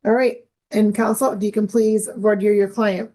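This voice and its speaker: Firm, mellow-voiced woman judge. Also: mid-range voice, flat delivery. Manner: formal, brisk, cuts in firmly. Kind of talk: courtroom proceedings. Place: courtroom.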